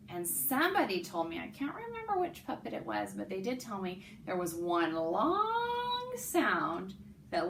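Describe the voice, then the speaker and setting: A woman music teacher giving an elementary music lesson, talking slowly and clearly and singing rhythm syllables. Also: mid-range voice. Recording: echoey room, faint background noise.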